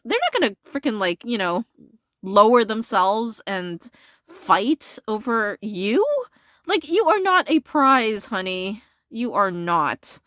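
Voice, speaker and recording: A sassy woman reads tarot in a loose, chatty monologue. She talks bluntly, swears often and leans on fillers. Her voice leaps higher when she's indignant, and the recording is dry and close. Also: no room sound. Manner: animated jumps into a higher pitch when indignant. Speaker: tarot reader. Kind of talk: casual tarot reading monologue.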